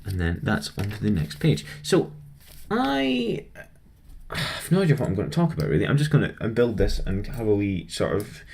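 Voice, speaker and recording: A man's voice: lowish voice, sing-song, a little fast, darkish tone, a little hiss or hum. A young man rambling casually about his week while building a model kit, chatty and self-deprecating.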